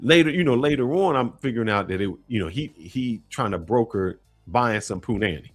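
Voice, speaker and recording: Man, lively swooping delivery, animated storyteller, slangy, faint music behind. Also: mid-range voice, fairly quick. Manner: animated, slangy storyteller who acts out voices and laughs often. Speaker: podcast co-host telling a travel story. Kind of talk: casual storytelling chat.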